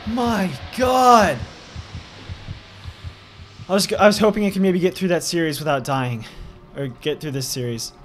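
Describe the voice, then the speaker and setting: A young man losing his voice, panicking, yelling and cursing while commentating on a horror game. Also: fairly high pitch, expressive, fairly quick, soft background music, poor audio. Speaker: gaming let's play host.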